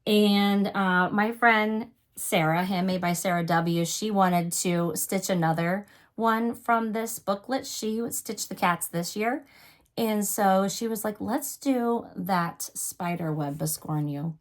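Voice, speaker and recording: A woman's voice: mid-range voice, fairly even intonation, slow pace. A woman hosting a cross-stitch video, chatting casually with a cough and a sore throat, often apologizing and gushing over her finishes. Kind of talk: casual show-and-tell chat.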